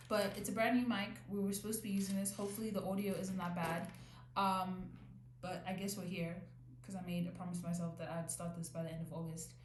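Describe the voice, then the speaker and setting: A young woman hosting her own casual podcast, rambling and restarting as she goes. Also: on the low side. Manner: rambling, self-correcting, restarts often. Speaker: podcast host. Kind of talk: casual solo podcast talk. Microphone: new podcast mic. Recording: echoey room, faint background noise.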